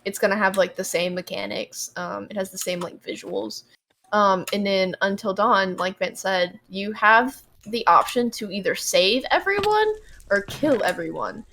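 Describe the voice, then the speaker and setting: Casting: young woman podcast co-host, chatty, filler-heavy, mid-pitched. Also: expressive, normal speed, gravelly, bright, forceful tone, slight background noise. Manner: rambling, heavy on ums and likes. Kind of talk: casual gaming chat.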